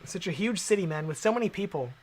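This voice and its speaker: A man's voice: high-pitched, animated, fast talker, over music. A man, chatting casually on a stream, laid-back and swearing often.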